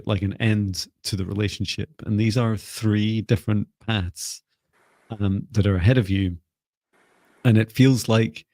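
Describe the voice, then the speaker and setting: A man giving live spiritual readings and energy clearings, speaking slowly and soothingly. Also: fairly low pitch, a little mellow, no room sound, studio quality. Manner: slow, soothing, meditative. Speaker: spiritual reader.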